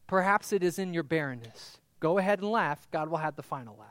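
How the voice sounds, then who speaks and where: A man preaching a sermon as a pastor, swinging between quiet, drawn-out phrases and loud, rising passages. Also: a little high, expressive, dry recording. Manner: impassioned, building from hushed to loud.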